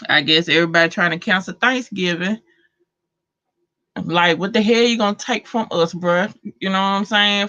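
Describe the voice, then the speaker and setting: A woman's voice: medium pitch, a bit bright. Laid-back Southern woman chatting on a livestream. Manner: slangy, laid-back, talks to chat. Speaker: livestream host. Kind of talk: casual livestream chat with viewers. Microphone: phone. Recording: dull lo-fi phone audio.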